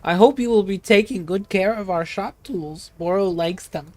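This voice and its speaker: A woman voicing a big, gentle male tea shop keeper in a game, using a put-on foreign accent and formal, broken phrasing. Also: medium pitch, moderate pace, close to an everyday voice. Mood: instructive.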